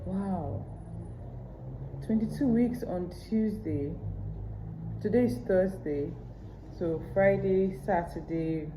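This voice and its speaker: A woman's voice: fairly low pitch, background noise. A pregnant woman with a Nigerian English accent, chatting candidly to her camera at home in a casual vlog. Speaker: vlogger. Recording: roomy echo.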